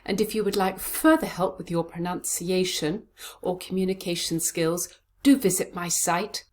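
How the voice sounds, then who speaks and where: A woman coaching pronunciation, breaking words into syllables and sounds and saying them slowly and deliberately. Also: on the low side. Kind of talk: pronunciation lesson.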